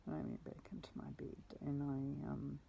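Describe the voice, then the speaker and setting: A woman's voice: a bass voice, big pitch swings, normal speed, gravelly, slightly rough, lo-fi sound. A woman telling a personal story in a meandering way, often correcting herself and swearing casually. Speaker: vlogger.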